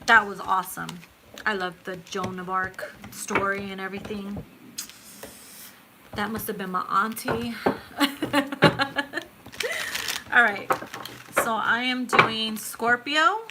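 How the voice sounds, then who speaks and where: A woman in her thirties giving a live tarot reading in a casual, excitable way. She swears freely, laughs often and calls her viewers boo and babe. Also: mid-range voice, takes it slowly, pauses often, heavy background noise. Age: 30s. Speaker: tarot reader.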